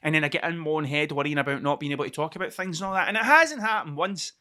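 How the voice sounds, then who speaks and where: The voice is a little high and very fast, pushed and bright: a Scottish man hosting a solo podcast. He rambles casually, cursing freely and sliding from one point to another.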